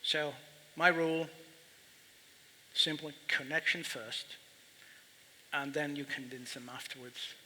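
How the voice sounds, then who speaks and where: A man moderating a panel discussion, speaking in a halting, reflective way and often repeating words. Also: fairly high pitch, steady tone, sharp tone. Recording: reverberant hall, faint background noise.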